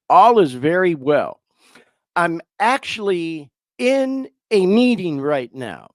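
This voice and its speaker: A man's voice: high-pitched, animated, slow, no echo. A man hosting a live podcast, fighting back tears as he talks, swearing and calling his listeners y'all. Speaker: podcast host. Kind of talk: emotional live podcast talk.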